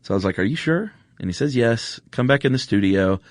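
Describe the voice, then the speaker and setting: A man's voice: fairly low pitch, quick pace, dry recording, studio quality. A man, hosting a podcast and telling a story casually, with many fillers and restarts. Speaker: podcast host. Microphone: studio microphone.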